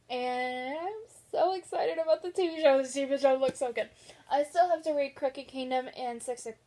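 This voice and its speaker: A woman's voice: high-pitched, darkish tone. A young woman vlogging about books in casual chat, chatty and gushing, laughing often. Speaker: book vlogger.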